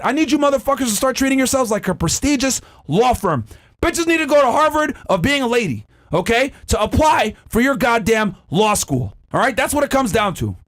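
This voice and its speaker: A man hosting a podcast, lecturing in a loud, profane, forceful rant. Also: very high-pitched. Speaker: podcast host.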